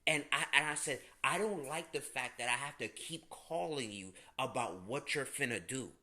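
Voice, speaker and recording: A man's voice: medium pitch, lively intonation, moderate pace, bright, forceful tone. A man, ranting bluntly and casually as an astrology host, swearing and using slang. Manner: blunt, profane, slangy, emphatic. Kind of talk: casual direct-to-camera rant.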